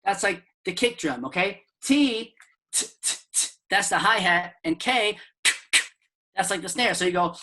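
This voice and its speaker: A man who is a comedian guest, chatting casually in an upbeat, joking way and telling animated stories. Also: high voice, moderate pace. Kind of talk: casual interview chat.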